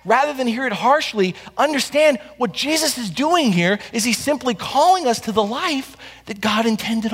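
High-voiced pastor preaching in a reverberant hall. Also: male voice, a bit bright, husky. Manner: preaching with rhetorical questions and repetition. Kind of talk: sermon. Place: church sanctuary.

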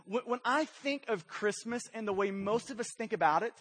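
High-voiced man preaching a casual, joking sermon. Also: expressive, fairly quick, a bit bright, slightly rough. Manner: conversational storytelling with frequent "right?" check-ins. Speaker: pastor.

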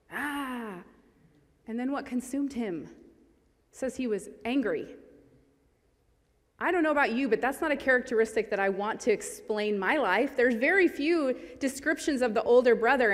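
Woman preaching, kinda higher voice, chatty and earnest, long echo off the hall. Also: lively intonation, normal speed. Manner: earnest and conversational, reads scripture aloud. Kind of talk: sermon.

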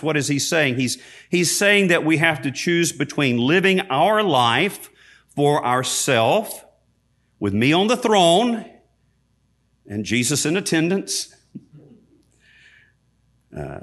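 A man preaching a sermon as a priest, emphatic, rising loud on key points and dropping low and quiet, with self-deprecating asides.

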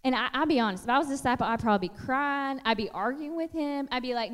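A woman's voice: high-pitched, quick pace, few pauses, long reverb tail. A woman in her thirties giving a casual, chatty sermon, acting out quotes as she tells stories. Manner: chatty, animated storytelling with acted-out quotes. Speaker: preacher.

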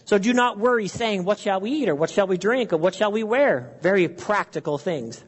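A man's voice: sits high, animated, moderate pace, husky, long reverb tail. A man preaching an earnest sermon, acting out worried questions and prayers to his listeners. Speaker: pastor.

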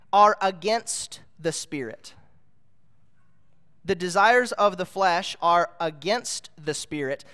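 Male preacher, high voice, earnest teaching sermon, big hall echo. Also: fairly bright tone. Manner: earnest, explanatory, rising to emphatic peaks. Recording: long hall reverb.

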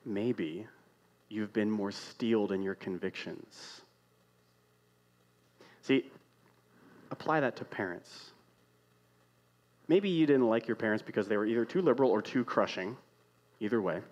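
A man preaching a sermon in a conversational way, asking the congregation rhetorical questions and moving between loud emphatic lines and quiet hushed ones. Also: on the low side, animated, measured pace, pauses often, highs cut off. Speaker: pastor.

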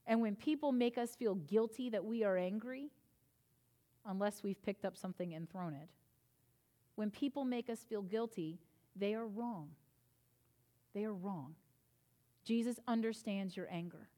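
A woman pastor delivering a sermon in church, earnest and emphatic, rising in intensity and then easing into softer, reassuring passages. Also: mid-range voice, moderate pace.

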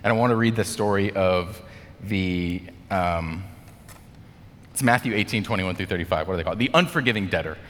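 A young adult man preaching a casual, conversational sermon as a pastor, animated and full of "like," acting out the quotes. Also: deep voice, fairly quick, a little hiss or hum. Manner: animated, acts out quotes, many "like" fillers. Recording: long reverb of a large hall.

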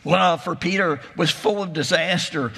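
A man's voice: fairly high pitch, normal speed, creaky, pushed and bright, slightly rough. A man preaching a sermon, retelling a gospel story in a reflective, imaginative way. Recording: long reverb of a large hall.

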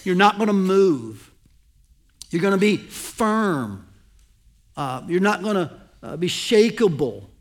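A man's voice: sits high, big pitch swings. A man preaching a sermon as pastor, teaching a passage step by step and checking that the congregation follows. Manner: slows down and lands key phrases with emphasis.

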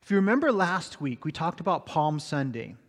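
A man preaching a sermon, telling a story dramatically and swinging between hushed, slow passages and raised, excited ones. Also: a little high, long reverb tail. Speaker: pastor.

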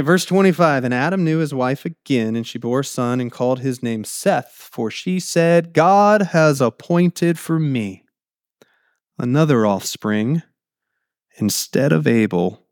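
A man preaching a sermon in an animated way, acting out the quotes in his text and laughing easily. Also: mid-range voice, no room sound, clean studio sound. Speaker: pastor.

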